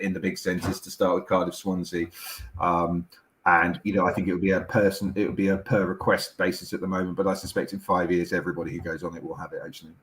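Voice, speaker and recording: A middle-aged man, a doctor explaining things in a measured, reassuring way with frequent restarts. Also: sits low, a bit bright. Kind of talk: explaining as an interview guest. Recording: echoey room sound.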